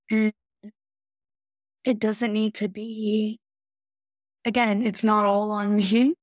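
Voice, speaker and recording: A woman's voice: medium pitch, little pitch movement, slow pace, pauses often, darkish tone, dry recording, clean studio sound. A woman talking openly and confessionally about her own struggles on a recovery podcast. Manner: open, confessional. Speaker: podcast participant. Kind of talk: candid recovery chat.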